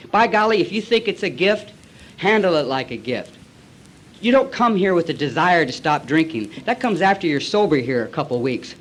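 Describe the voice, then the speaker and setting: A man in his forties tells his personal recovery story to a meeting in a blunt, colloquial way. His voice sits a little on the high side, and he acts out past conversations as he goes. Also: a little hiss or hum.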